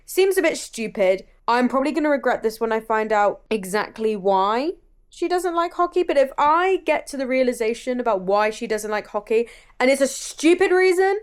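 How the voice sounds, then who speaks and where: A woman's voice: a little high, animated, moderate pace, smooth. A woman vlogging about books in a chatty, enthusiastic way, swearing freely. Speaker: book vlogger. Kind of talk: casual vlog chat.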